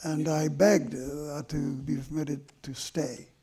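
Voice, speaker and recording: An older man with a gravelly, rough-edged voice tells stories from his own life at a live stage talk. His tone is heavily husky and worn, and he moves slowly and thoughtfully through his memories with long pauses. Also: fairly high pitch, little pitch movement, warm tone. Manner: slow and reflective, with drawn-out pauses. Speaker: memoir author in conversation. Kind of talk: reflective storytelling at a live talk. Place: stage event before an audience.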